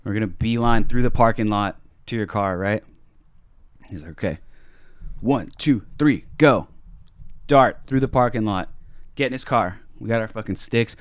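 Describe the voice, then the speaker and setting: Animated young man telling a story. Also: fairly low pitch, moderate pace, clean tone, no echo. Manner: animated, acts out quotes loudly, swears a lot. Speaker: podcast co-host. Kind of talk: casual storytelling chat.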